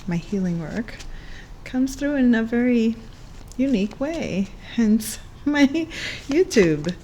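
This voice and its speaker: A woman's voice: medium pitch, fairly bright tone, a little hiss or hum. A woman giving a casual astrology reading, chatty and playful, breaking into laughs and bits of song. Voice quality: playful, chatty, laughs often and sings along. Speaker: astrology reader.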